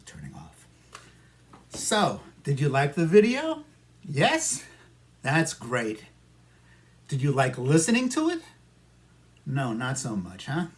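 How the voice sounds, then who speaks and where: Pitch leaping widely, this fairly high-voiced New York man teaches an English listening lesson as an ESL instructor in a simulated class. He moves slowly and patiently, talking to students he imagines, echoing what they'd say and responding for them.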